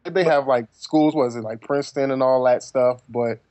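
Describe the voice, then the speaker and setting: A man's voice: medium pitch, brisk, a little mellow, dry recording. A man from New Jersey, a podcast panelist, rambling in casual chat with lots of "you know" fillers.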